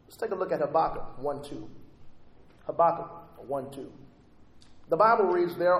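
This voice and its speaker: A man's voice: on the high side, animated, normal speed, vocal fry, pauses often. Preacher man in an echoey hall. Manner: reads scripture aloud, rising fervently on quoted prayers. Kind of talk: sermon. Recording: echoey hall with faint ambience.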